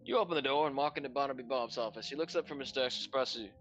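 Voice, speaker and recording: A man reading a game's narration aloud in a steady storybook way on a stream. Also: mid-range voice, rapid-fire, hardly any pauses, highs cut off, soft background music. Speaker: narrator reading game text.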